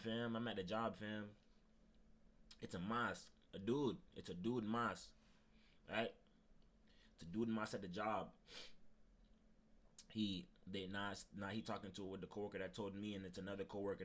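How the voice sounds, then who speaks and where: A man's voice: low voice, slight background noise. Young man on the verge of tears, ranting. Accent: Haitian Creole-influenced Floridian English. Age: young adult. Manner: repetitive, emphatic, slangy. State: fighting back tears. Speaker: streamer. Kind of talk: emotional livestream rant.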